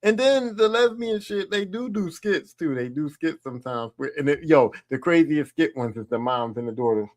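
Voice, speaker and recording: A man hosting a podcast, telling crude stories in a profane, animated way, often laughing. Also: fairly high pitch, moderate pace, hardly any pauses, no room sound. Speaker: podcast host. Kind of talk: crude casual monologue.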